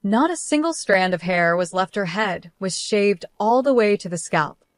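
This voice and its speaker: A woman's voice: medium pitch, lively intonation, normal speed, no room sound. A woman telling a dramatic, emotional first-person story as its narrator.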